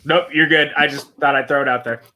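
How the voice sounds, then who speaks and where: A man's voice: fairly high pitch, fairly even intonation, brisk, pushed and bright. A man hosting a casual movie watch-along chat, enthusiastic and teasing, with occasional swearing. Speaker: podcast host.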